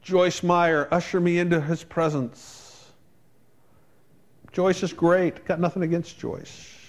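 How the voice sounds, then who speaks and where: A man's voice: sits high, steady tone, slow pace. Man preaching a chatty storytelling sermon. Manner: conversational storytelling, wry asides. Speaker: pastor.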